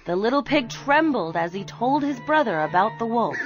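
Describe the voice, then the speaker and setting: A woman narrating a children's storybook in an expressive, unhurried way. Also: a little high. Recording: slightly dull recording with music behind.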